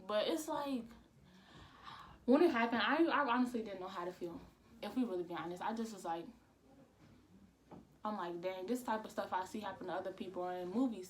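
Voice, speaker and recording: A woman's voice: medium pitch, slight background noise. A young woman vlogger telling a casual storytime. She rambles, repeats "I'm like" and uses a lot of slang.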